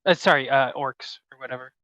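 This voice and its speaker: A young man co-hosting a podcast in casual chat, making offhand deadpan jokes and murmuring agreement. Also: medium pitch, fairly quick, no room sound. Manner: dry, offhand jokes and quiet "mm-hmm" agreement. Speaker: podcast co-host. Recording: dry, dull lo-fi podcast mic.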